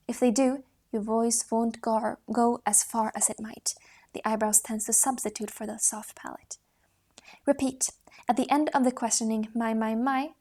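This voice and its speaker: A woman's voice: on the high side, darkish tone. Woman reading a voice training book. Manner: reads steadily, demonstrates vocal exercises with rising sung tones. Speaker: voice book reader.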